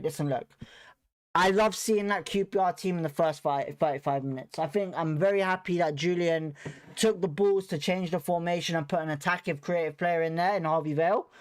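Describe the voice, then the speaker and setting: A young man, hosting a football watchalong and ranting after the match in a blunt, repetitive, frustrated way full of swearing. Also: on the high side. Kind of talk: heated post-match fan rant.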